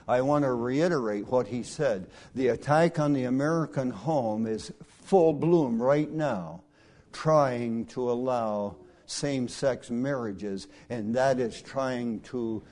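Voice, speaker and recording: A middle-aged male preacher delivering a sermon through folksy personal stories, swinging from hushed asides to loud, emphatic lines. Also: medium pitch.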